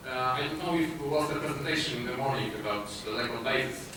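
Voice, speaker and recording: A man with a Polish accent giving a conference talk, speaking haltingly with many filler sounds and restarts. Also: medium pitch, bright, forceful tone. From Poland. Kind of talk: conference presentation. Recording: echoey hall, distant mic, noisy.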